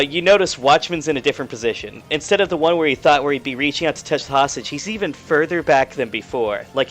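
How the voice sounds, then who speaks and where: A man's voice: a little high, a bit bright. A man narrating a tabletop role-playing session as game master, rambling with many fillers. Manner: rambling, filler-heavy, playful.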